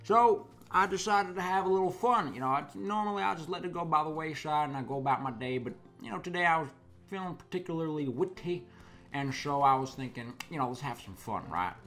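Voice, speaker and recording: Deadpan man telling a comic story. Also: a little high, fairly quick, faint music behind. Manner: mock-folksy, rambling, with frequent restarts. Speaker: comedic storyteller.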